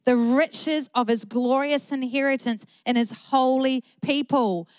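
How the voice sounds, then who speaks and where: A woman's voice: sits high, a little slow, hardly any pauses, darkish tone, no room sound. A middle-aged woman pastor, preaching an earnest, emphatic sermon with repeated phrases.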